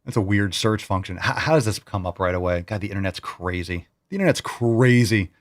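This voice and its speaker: A man's voice: low-pitched, a little fast. A man hosting a casual livestream, hyped and rambling, who swears casually. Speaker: host.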